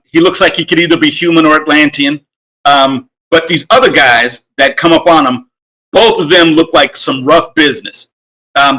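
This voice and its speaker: A game master voices a tabletop scene in a bright, slightly high male voice. His narration stumbles along, full of fillers and restarts.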